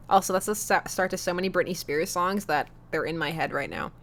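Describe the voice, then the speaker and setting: A woman's voice: fairly low pitch, a little fast, hardly any pauses, a bit bright, slight background noise. A woman from Canada chatting and joking at herself while streaming a game. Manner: chatty, self-mocking, laughs often. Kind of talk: let's play commentary.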